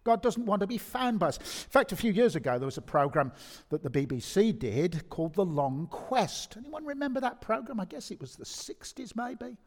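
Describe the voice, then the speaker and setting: A man with a Birmingham accent preaching a sermon to a congregation, emphatic and animated, often repeating words as he restarts. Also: high-pitched, moderate pace. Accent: Birmingham English. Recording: long reverb of a large hall.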